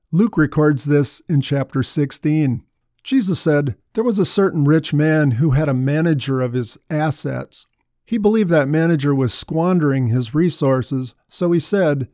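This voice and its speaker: A man's voice: fairly high pitch, a little mellow, no room sound, clean studio sound. A man preaching a sermon in a conversational way, asking his listeners questions as he retells parables.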